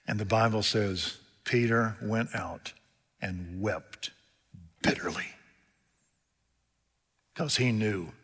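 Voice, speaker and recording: A man preaching a sermon, retelling scripture scenes in plain speech and swinging from loud, urgent peaks to hushed lows. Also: slightly rough, big-room sound.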